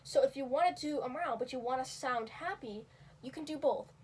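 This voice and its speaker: A young woman with a high, light voice talks through a casual tutorial, full of "um" and "like" and quick asides at her own expense. She sounds a little away from the mic, with a faint hiss under her voice. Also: a little mellow, distant mic. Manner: rambling, filler-heavy, self-deprecating. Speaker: video creator teaching cat vocals.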